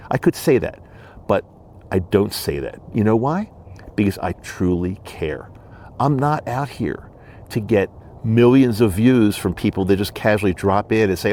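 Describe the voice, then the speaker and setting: Earnest low-voiced male podcast host. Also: lively intonation, unhurried, warm tone, slight background noise. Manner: earnest, emphatic, repetitive. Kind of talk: solo monologue. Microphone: studio microphone and camera.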